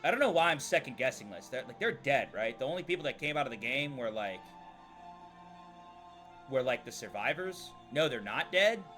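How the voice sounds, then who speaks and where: A young man streaming a game, rambling and chatting, breaking into loud excited jokes. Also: mid-range voice, normal speed. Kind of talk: live game commentary. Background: faint game music.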